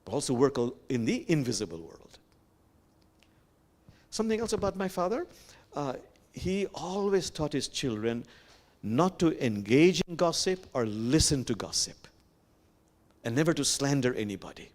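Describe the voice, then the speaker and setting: A man preaching as an imam, gentle and reflective, who slows to stress each quoted verse and speaks straight to the congregation. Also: medium pitch, big pitch swings. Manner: reflective, quotes sacred verses slowly and with emphasis; gentle, addresses the congregation directly. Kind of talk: sermon. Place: sanctuary.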